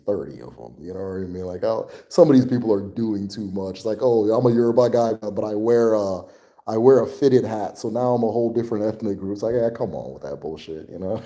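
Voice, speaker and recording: Low mellow dude doing a chill livestream q&a, rambly, swears a lot, keeps chuckling. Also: male voice. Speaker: host answering viewer questions. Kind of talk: casual livestream Q&A.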